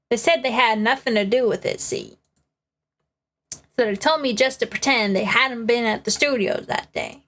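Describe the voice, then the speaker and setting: A brash, gossipy old busybody of a witness, as a woman puts her on while reading a game aloud. The voice sits a touch high and runs bossy and folksy, like a nosy neighbor who won't be hushed.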